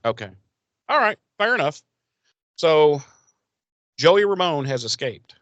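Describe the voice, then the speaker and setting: Animated male podcast co-host. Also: fairly high pitch, takes it slowly, no echo, muffled recording. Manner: animated retelling, acting out characters' lines. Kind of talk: casual chat recapping a TV episode.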